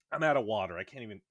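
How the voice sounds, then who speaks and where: A man's voice: mid-range voice, fairly bright tone, dry recording. A man talks on a casual podcast from home, cussing freely and slipping into sarcastic rants. His voice sits in a middle register. The mic is close and dry with no room sound. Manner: profane, sarcastic ranting. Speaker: podcast co-host. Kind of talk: casual chat. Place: at home in a bedroom.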